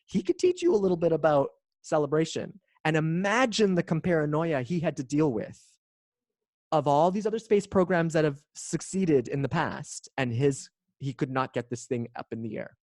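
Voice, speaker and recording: A man's voice: on the high side, animated, normal speed, darkish tone, no room sound, clean studio sound. A man, a coach and guest, talking in a casual interview with emphatic, punchy storytelling.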